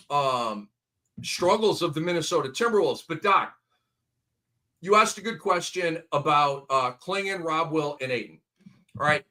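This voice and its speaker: Man, show host, bright forceful voice, slightly high, ranting with emphasis. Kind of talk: late-night fantasy basketball talk show.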